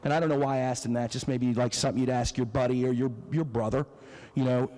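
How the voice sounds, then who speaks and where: A man's voice: medium pitch, fairly even intonation, fast talker, warm tone. A middle-aged man, giving an emotional, emphatic floor speech as a state legislator and telling a personal story. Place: legislative chamber. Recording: long reverb of a legislative chamber.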